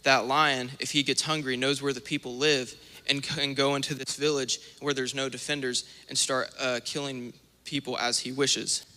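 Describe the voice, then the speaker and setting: Young male minister, sermon, bright ringing voice, animated storyteller, long church reverb. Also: mid-range voice, moderate pace. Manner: animated storytelling with acted-out asides. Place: church sanctuary.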